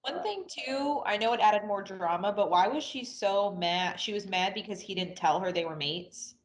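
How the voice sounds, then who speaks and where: Woman, curious teasing tone, casual chat, average pitch. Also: animated, normal speed. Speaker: book club member.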